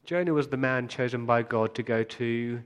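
A man's voice: medium pitch, moderate pace, clear, resonant tone. A male pastor giving a sermon, speaking earnestly and appealing directly to his congregation.

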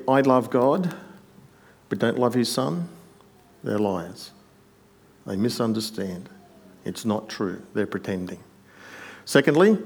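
A man preaching an expository sermon, rising to emphatic peaks on quoted lines and dropping quiet on asides. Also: fairly low pitch.

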